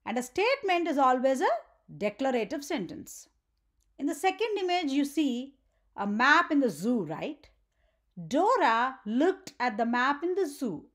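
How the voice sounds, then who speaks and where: Lively high-voiced woman teaching children. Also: a little slow. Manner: asks the viewer questions, adds "right?" often. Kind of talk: grammar lesson for children.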